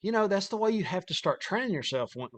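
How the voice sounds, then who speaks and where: A man's voice: sits high, sing-song, quick pace. A man hosting a casual chat, upbeat and promotional. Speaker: host.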